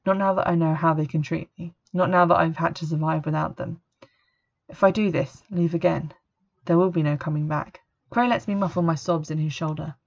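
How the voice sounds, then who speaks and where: A woman reading a first-person story as narrator, in a steady, even manner, on a dull lo-fi recording. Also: deep voice, a little fast, vocal fry. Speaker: audiobook narrator.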